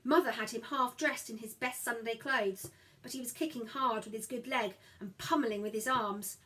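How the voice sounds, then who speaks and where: Woman reading a storybook out loud, expressive, slightly high voice. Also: moderate pace, low-quality recording. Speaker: audiobook narrator. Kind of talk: first-person storybook narration.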